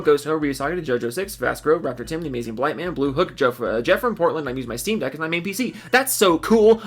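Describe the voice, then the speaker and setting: A young man reading viewer names aloud on a livestream, rapid and goofy, jumping into silly voices. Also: on the high side, a bit bright. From Seattle. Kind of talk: fast comedic livestream read-out.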